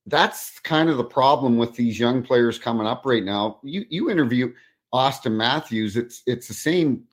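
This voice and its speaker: A man's voice: medium pitch, expressive, normal speed. Blunt man telling referee stories. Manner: storytelling, blunt, firm. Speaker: former referee, co-host. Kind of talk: casual storytelling chat.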